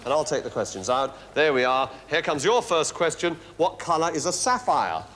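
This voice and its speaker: A man hosting a children's game show, jokey and brisk, in a television studio with long reverb. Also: fairly high pitch, very animated, fairly bright tone, slight background noise. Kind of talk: lively game show presenting.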